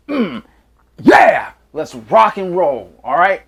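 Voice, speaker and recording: A man's voice: high voice, sing-song, takes it slowly, gravelly, a bit bright, slight background noise. A man hosting a home cooking vlog, hyped and slangy, drawing out catchphrases while taste-testing in his kitchen. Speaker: cooking show host.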